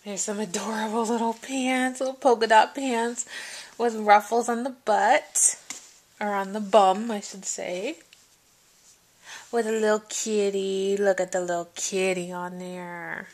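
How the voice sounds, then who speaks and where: A woman vlogger chatting casually through an unboxing, gushing, her voice jumping high when something delights her. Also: steady tone, measured pace, a little mellow. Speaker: vlogger showing a gift package.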